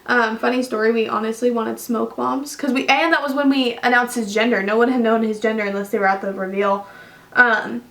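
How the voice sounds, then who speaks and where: A young woman tells her year's story to the camera in a loose, rambling way, with ums and little self-corrections. Her voice sits slightly high for a woman. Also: steady tone, a little fast, a bit bright. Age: young adult. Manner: chatty, rambling, many fillers and restarts. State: tearful at times. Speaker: vlogger.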